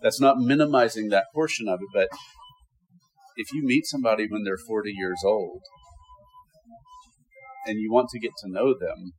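Guy with a lowish voice teaching bible class, keeps asking questions, faint music under it. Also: moderate pace, long pauses, low-quality recording. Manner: lively questioning, with self-answered rhetorical questions.

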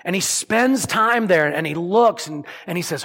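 Male pastor, slightly high voice, emphatic sermon delivery, long church reverb. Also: expressive, moderate pace, vocal fry. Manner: emphatic, voices imagined prayers, drops to soft solemn lines.

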